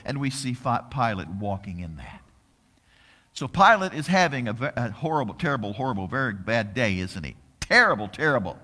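A man preaching a sermon, reading scripture aloud with dramatic, drawn-out emphasis and rhetorical questions, in a large hall. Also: fairly high pitch, sharp tone. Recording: long hall reverb.

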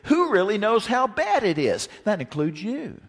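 Animated folksy preacher man, lively pitch. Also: moderate pace. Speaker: pastor. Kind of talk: sermon. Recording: long hall reverb.

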